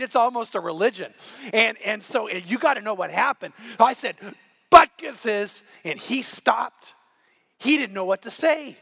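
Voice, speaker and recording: A middle-aged man preaching a sermon as pastor, telling a story with animated, rising delivery that climbs to near shouting. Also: sits high, vocal fry.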